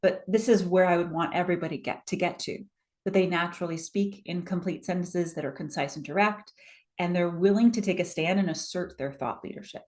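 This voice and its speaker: A woman presentation coach leading a live online workshop, energetic and encouraging, often checking in with her audience over a video call. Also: fairly low pitch, fairly quick.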